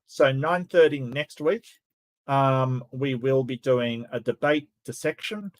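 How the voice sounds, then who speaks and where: A man hosting a debate review, talking in casual, sarcastic commentary with laughing asides. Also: mid-range voice.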